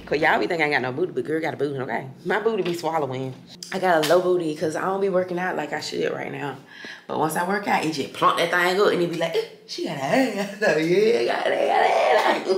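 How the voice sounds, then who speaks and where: A low-pitched woman talks frankly to her viewers in a relaxed vlog, swearing freely and calling them y'all. Her voice carries a gravelly fry, and a faint hiss sits behind it in a hotel room. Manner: chatty, frank and profane, addresses viewers as y'all and friend. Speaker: vlogger. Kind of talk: casual vlog chat to camera.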